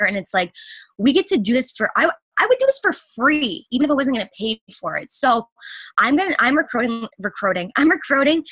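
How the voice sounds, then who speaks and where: A young woman fitness coach giving a gushing, breathless testimonial, talking fast with lots of fillers. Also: mid-range voice, a bit bright, dry recording. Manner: gushing, rapid, breathless with enthusiasm. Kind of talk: excited testimonial talk.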